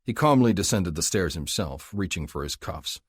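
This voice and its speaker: Deep-voiced male audiobook narrator. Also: lively intonation, normal speed, slightly rough, no room sound, clean studio sound. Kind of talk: scripted narration.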